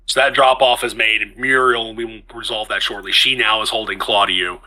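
A man's voice: on the low side, fairly even intonation, normal speed, bright, forceful tone, rough recording. A man narrating a tabletop game as game master, in a casual way, stopping to correct himself as he goes. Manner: casual, stops to correct himself mid-sentence.

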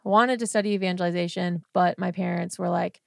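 Young woman with vocal fry. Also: fairly low pitch, fairly even intonation, fast, no room sound, clean studio sound. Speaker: guest. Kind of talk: casual conversation.

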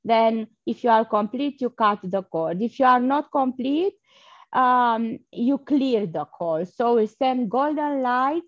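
A woman leading a guided energy healing session, speaking softly and haltingly with breathy blowing sounds between phrases. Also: a little high, animated, dry recording. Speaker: energy healer guest. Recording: dull lo-fi sound.

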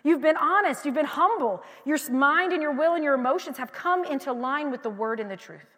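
A woman pastor with a high, bright-pitched voice preaches in a loose, candid, conversational way, telling personal stories and often restarting her sentences. She drops to near-whispered confiding and then swells into loud, emphatic declarations. Her voice carries a long, echoing reverb, as in a large church hall. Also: animated, a little fast. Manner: swings between quiet confiding and loud emphatic passages. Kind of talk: conversational sermon.

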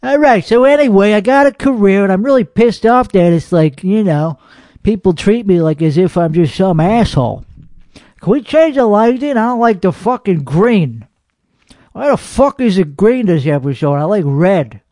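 A man's voice: high voice, dark tone, no echo. A man playing a hot-headed, boastful comedian who hosts a podcast, ranting with heavy profanity and rambling, belligerent talk. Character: hot-headed, foul-mouthed, boastful male comedian host. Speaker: podcast host. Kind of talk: comedic character monologue.

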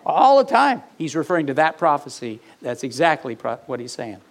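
A man preaching a sermon, reading scripture aloud with animated, mock-indignant asides. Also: fairly high pitch, brisk. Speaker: pastor.

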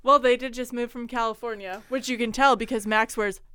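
A woman's voice: on the high side, steady tone, a little fast, pushed and bright, clear, resonant tone, no room sound. A woman co-hosting a podcast, chatting casually about a movie. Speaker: podcast co-host.

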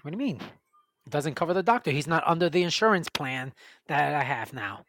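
A man's voice: fairly high pitch, lively intonation, fairly quick, a bit bright, no room sound. A man, telling a long, profane, ranting story in a casual chat.

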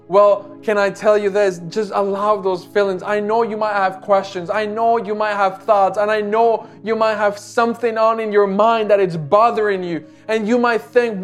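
A man's voice: high voice, little pitch movement, normal speed, few pauses, faint music behind. A man preaching a sermon with an altar call, impassioned and pleading, with repeated phrases.

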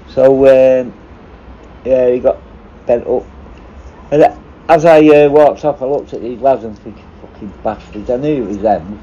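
A man with a medium-pitched, dark voice, once a prison officer, swears constantly while telling loose, wandering stories in an informal chat. Faint noise sits under the dull, lo-fi recording.

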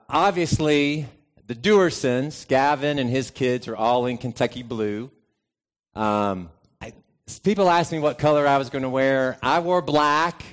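A middle-aged man, a pastor, giving a sermon in a conversational, easygoing way, telling a personal story and pausing often. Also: mid-range voice, smooth. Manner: conversational and easygoing, with frequent pauses.

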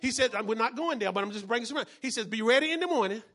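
A man preaching a sermon as pastor, often shouting and repeating phrases, calling out to the congregation for responses. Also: extremely high pitch, lively intonation, very fast.

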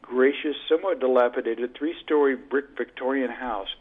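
Male audiobook narrator, mid pitch, measured read, narrow phone-like sound. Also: slightly rough. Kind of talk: scripted narration. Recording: tinny phone-like band.

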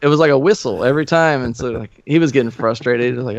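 A man's voice: mid-range voice, fast, no room sound. A man who plays in a band, guest on a podcast, telling loose, profane stories and acting out the voices of people in them. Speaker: guest musician. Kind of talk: casual storytelling chat. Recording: dull, muffled podcast audio.

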